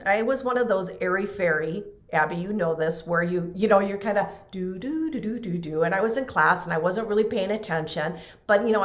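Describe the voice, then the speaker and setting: A middle-aged woman, a podcast guest and trainer, telling a personal story in a lively way and acting out the people she quotes. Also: mid-range voice. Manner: animated, acts out quoted voices, laughs often. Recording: roomy echo.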